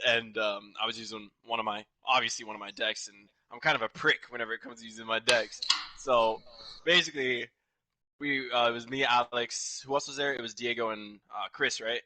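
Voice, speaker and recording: A man's voice: medium pitch, bright, forceful tone, low-quality recording. A young man chatting casually on a podcast, laid back and swearing freely. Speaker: podcast co-host. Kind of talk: casual chat.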